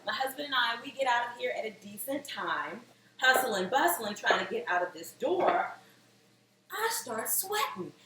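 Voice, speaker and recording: A woman in her thirties hosting a home cooking show, telling a comic story in a chatty, animated way while she cooks. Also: high-pitched. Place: home kitchen. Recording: echoey room, mic at a distance, faint noise.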